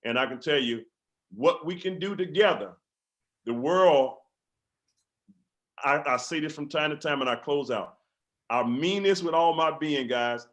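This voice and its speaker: A man's voice: a little high, normal speed, fairly bright tone. A man, a company field leader, giving a fervent motivational speech on a video call, repeating his exhortations and stumbling into restarts.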